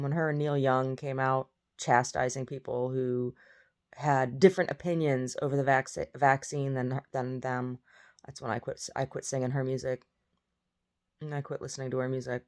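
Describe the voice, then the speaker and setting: A woman's voice: very deep voice, flat delivery, normal speed, darkish tone. A woman in a casual monologue from her bed, blunt and opinionated, with a groggy first-thing-in-the-morning voice. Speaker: vlogger. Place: in bed at home.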